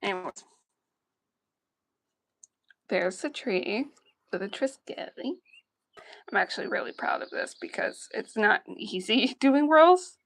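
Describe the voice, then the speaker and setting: Slow-talking Southern woman. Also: medium pitch, slight background noise. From Georgia, US. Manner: relaxed, rambling, self-deprecating and joking. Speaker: streamer and vlogger. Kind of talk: casual chat while woodworking.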